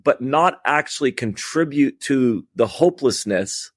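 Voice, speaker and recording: A male host talks over a video call, reflecting aloud and asking questions, often stammering through his restarts. His pitch sits in an ordinary middle range. The sound is dry and close, from a computer microphone. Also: animated, a little slow, no echo. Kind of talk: casual conversation about faith.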